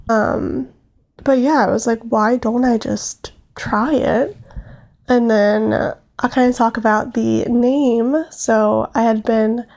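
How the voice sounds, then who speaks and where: A woman's voice: on the high side, darkish tone. A young woman hosting a solo podcast from home, chatting casually and earnestly, full of fillers and restarts. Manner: rambling, filler-heavy, earnest. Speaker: podcast host.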